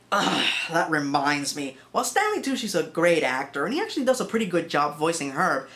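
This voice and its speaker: A woman narrating a comedic film review with sarcastic, exasperated asides. Her voice is lively and moves up and down a lot, with faint music behind. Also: medium pitch.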